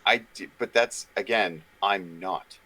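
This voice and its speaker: A man's voice: low voice, unhurried, bright, forceful tone, poor audio. A man playing a tabletop game, speaking in a dry, matter-of-fact way. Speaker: player. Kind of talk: casual tabletop role-play.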